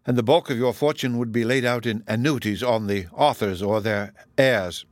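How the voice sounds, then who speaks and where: A quiet young gentleman with a dry, teasing wit, read by a man. The voice stays in a middle register, close and dry. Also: mid-range voice, normal speed, dry recording, natural voice. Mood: wry. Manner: wry, gently mocking. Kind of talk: audiobook character reading.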